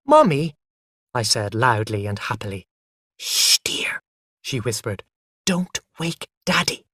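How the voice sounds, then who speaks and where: A storybook narrator reads clearly, and the pitch rises and falls freely. The recording is dry and close-miked. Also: no echo. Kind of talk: storybook narration for English learners.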